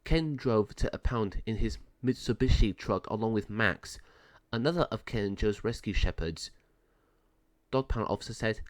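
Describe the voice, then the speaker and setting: A man narrating a children's storybook aloud with expressive delivery. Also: lowish voice, normal speed, no room sound. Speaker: storybook reader.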